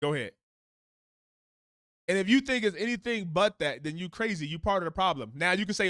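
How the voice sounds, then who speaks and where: A man's voice: sits high, fairly quick, no room sound, clean studio sound. A man hosting a live stream, reacting to the news in a heated, profane, rambling way. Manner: profane, animated, rambling with restarts. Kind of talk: casual heated reaction commentary.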